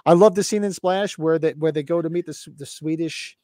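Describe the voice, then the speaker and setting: A man in his fifties co-hosting a casual livestream podcast, excited, swearing freely and acting out movie lines. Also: a little high, fairly quick, dry recording, studio quality. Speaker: podcast co-host.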